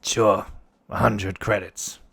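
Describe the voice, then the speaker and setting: A man's voice: on the low side, little pitch movement, takes it slowly, gravelly, fairly bright tone, breathy edge, heavily acted. A man voicing a shifty taxi driver who haggles over the fare in a tabletop game. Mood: haggling. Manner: casual, haggling.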